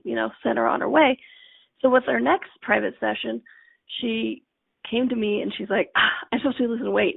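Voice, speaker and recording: A woman's voice: fairly high pitch, vocal fry, slightly rough, dry recording, phone-quality sound. A woman coaching on a live stream, telling a client story in a chatty way and acting out the quotes. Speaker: life coach.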